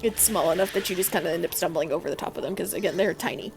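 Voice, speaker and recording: Gravelly-voiced woman game master. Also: on the low side, racing. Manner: laughs easily, plain rulings. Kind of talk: running a tabletop game over voice chat. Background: background music.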